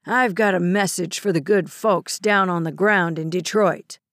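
A woman's voice: lowish voice, a little slow, a bit bright, no room sound, clean studio sound. A woman voicing a commanding, sneering male hijacker with a gun in an audiobook thriller. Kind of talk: audiobook character reading.

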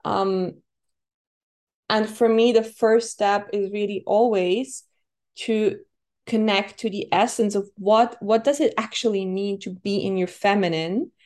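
A woman coach, a guest on a podcast, speaking in a thoughtful, reflective way with occasional soft fillers. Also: mid-range voice, unhurried. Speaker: guest, feminine embodiment coach. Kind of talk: conversational podcast interview.

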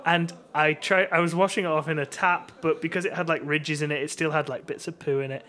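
A man's voice: a little high, fairly even intonation, fairly quick, pushed and bright. A man co-hosting a podcast, telling rambling stories in casual chat and laughing often. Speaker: podcast co-host.

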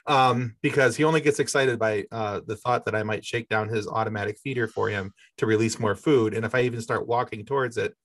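Relaxed man interviewer. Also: lowish voice, fairly quick, hardly any pauses. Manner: relaxed, rambling anecdotes. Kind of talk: casual interview chat.

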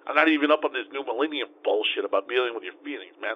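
A man in a comedy monologue, gruff and profane, arguing, swinging from yelling to muttering. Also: medium pitch, very fast. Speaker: comedy character monologue, a self-styled lawyer driving. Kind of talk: improvised comic monologue. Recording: tinny phone-like sound with light noise.

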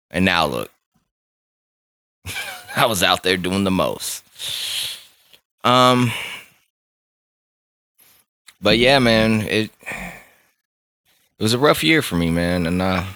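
A man's voice: sits low, bright, forceful tone, a little hiss or hum. A man hosting his own podcast, talking alone in a candid, rambling way with lots of swearing and filler words. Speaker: podcast host. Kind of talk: solo casual monologue.

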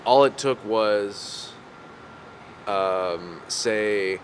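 Low-voiced male podcast host, rambling. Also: very slow. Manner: rambling, laughs often, many fillers. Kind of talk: casual conversation. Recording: noisy background recording.

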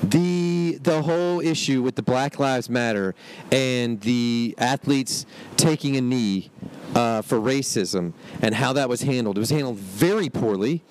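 A man co-hosting a casual podcast, animated and teasing as he argues with his friend while riding in a vehicle. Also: medium pitch, unhurried. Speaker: podcast co-host. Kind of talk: casual chat. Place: moving vehicle. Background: road noise.

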